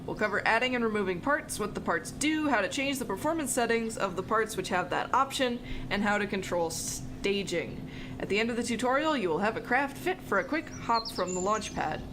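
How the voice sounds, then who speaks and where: A woman's voice: medium pitch, lively intonation, fairly quick, background noise, lightly acted. A woman voicing a pompous male rocket scientist as she reads his tutorial lines aloud, with a self-satisfied tone. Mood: boastful. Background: game music.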